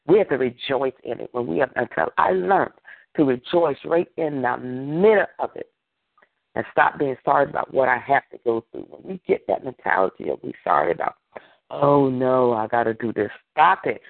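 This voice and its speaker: A man's voice: mid-range voice, sing-song, fairly quick, vocal fry, dry recording. A man leading a prayer line, exhorting with a fervent, repetitive preaching cadence over a phone call.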